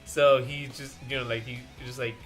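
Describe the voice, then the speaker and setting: A man's voice: mid-range voice, level tone, normal speed, a bit bright, soft background music. A man hosting a casual art stream, chatting with friends, laughing often and rambling with restarts. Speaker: streamer host.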